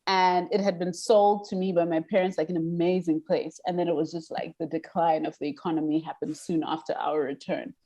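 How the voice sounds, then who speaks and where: A woman's voice: fairly low pitch, steady tone, a little fast, hardly any pauses, warm tone. A young woman from Zimbabwe in a casual podcast chat, making her points emphatically and often asking if you get what she means.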